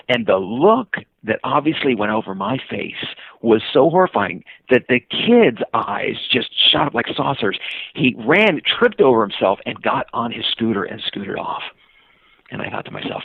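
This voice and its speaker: An animated man telling a story in a gravelly, husky voice, with plenty of fillers along the way. He comes through a tinny, narrow phone line with no room sound. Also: fairly high pitch, normal speed, no room sound. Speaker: guest, traveler and author. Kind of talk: storytelling in a podcast interview.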